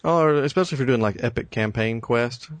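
A man's voice: medium pitch, brisk, no room sound. A man co-hosting a gaming podcast in casual chat, enthusiastic and easygoing. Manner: enthusiastic, easygoing, says cool a lot. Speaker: podcast co-host.

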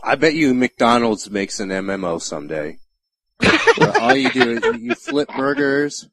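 A man's voice: medium pitch, wildly swooping pitch, moderate pace, fairly bright tone, no echo, low-quality recording. A man joining a casual gaming chat, wry and self-mocking. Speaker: podcast guest, voice actor.

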